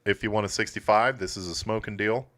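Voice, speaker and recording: A man's voice: lowish voice, fairly even intonation, fast, a bit bright. A man hosting a casual car livestream from his auto shop, talking bluntly and swearing often. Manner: blunt and profane, laid-back shop talk. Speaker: host of a classic car livestream. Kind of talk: casual live commentary.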